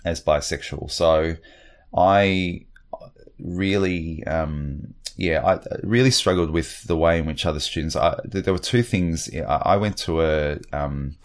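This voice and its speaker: A man's voice: a bass voice, unhurried. A middle-aged man talking in an interview, hesitant, with many fillers and restarts. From Australia. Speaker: guest. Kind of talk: reflective interview talk.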